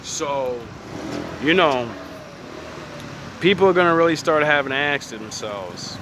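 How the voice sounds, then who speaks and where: A man's voice: on the high side, animated, unhurried, pauses often, noisy background. A man giving a blunt, profane, rambling opinion monologue outdoors by a street. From United States. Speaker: vlogger.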